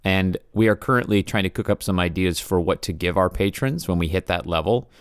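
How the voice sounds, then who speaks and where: A man with a fairly low voice co-hosts a podcast in easy, casual chat. He slips in teasing jokes. The sound is dry and close. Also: brisk, clean tone, no echo. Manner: joking, teasing. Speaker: podcast co-host.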